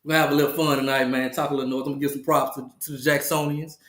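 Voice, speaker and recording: A man's voice: mid-range voice, level tone, rapid-fire, fairly bright tone, echoey room. A man hosting a casual comedic podcast monologue, playfully trash-talking, laughing often and repeating his lines. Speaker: podcast host.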